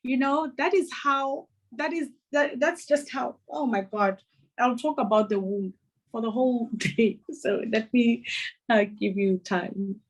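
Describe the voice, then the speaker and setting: Emphatic woman speaker, slightly high voice. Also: measured pace, rough recording. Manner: emphatic, repeats phrases for effect. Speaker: womb priestess guest speaker. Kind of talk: impassioned teaching talk.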